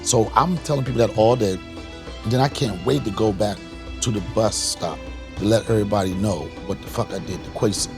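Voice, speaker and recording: A man from the Washington, D.C. area hosting a podcast, telling a comic story with loud punchlines and bursts of laughter. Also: fairly low pitch, a little fast, gravelly, music in the background. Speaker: podcast host, comedian.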